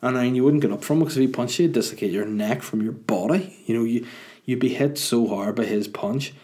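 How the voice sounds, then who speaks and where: A man's voice: medium pitch, a little fast, mellow. A man hosting a casual solo podcast, rambling through jokes with plenty of swearing. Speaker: podcast host and stand-up comedian.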